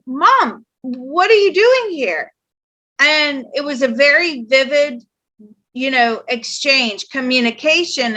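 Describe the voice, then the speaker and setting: A woman psychic host chatting casually, telling stories in an animated way and laughing often. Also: high-pitched. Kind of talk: casual chat.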